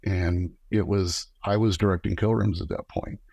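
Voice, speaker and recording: A middle-aged man, a guest on a podcast, telling lively stories and acting out the lines of people he quotes. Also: low voice, normal speed, vocal fry, no room sound, highs cut off. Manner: animated storyteller acting out quoted dialogue. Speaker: podcast guest, former camera operator. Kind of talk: casual storytelling interview.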